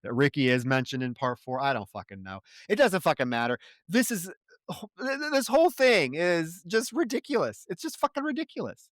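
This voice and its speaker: A man's voice: a little high, big pitch swings, a little fast, a bit bright, dry recording, clean studio sound. A man co-hosting a film review podcast, swearing freely and sounding exasperated as he recounts scenes. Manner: profane, exasperated, mocks characters' lines. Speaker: podcast co-host. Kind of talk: casual film review chat.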